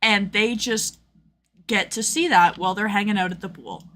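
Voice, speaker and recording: A woman's voice: mid-range voice, moderate pace, fairly bright tone. A young woman streaming, chatting casually with lots of fillers and acted-out quotes. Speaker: streamer host.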